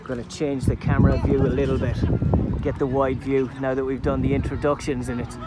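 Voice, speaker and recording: A man giving jokey, excitable live commentary on a youth football match outdoors. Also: mid-range voice, a little fast. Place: outdoors at a sports field.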